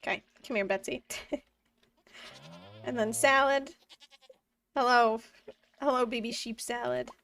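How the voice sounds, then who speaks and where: High-voiced twentysomething woman streaming from home, bit of vocal fry, laughing a lot at chat. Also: unhurried, pauses often, fairly bright tone, far from the mic. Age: 20s. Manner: chatty, laughs often, talks to chat and the game. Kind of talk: casual live-stream chat while gaming.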